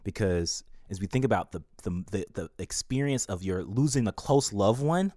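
A man with a low voice gives an earnest devotional reflection on scripture. He talks in halting restarts, and his pitch climbs when he is moved. The sound is dry and close. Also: lively intonation, warm tone, no room sound. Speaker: devotional podcast host. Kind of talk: reflective scripture reading and commentary.

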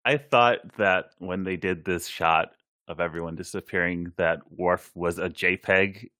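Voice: low voice, fairly bright tone, no room sound, studio quality. A podcast co-host chatting casually, making blunt, wry remarks about a TV episode. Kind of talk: casual chat.

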